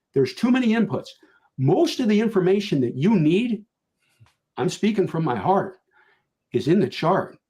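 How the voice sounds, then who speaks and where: A man's voice: fairly high pitch, a little mellow. An older man speaking earnestly as a panelist on a video call, repeating his key points for emphasis. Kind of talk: virtual conference panel talk.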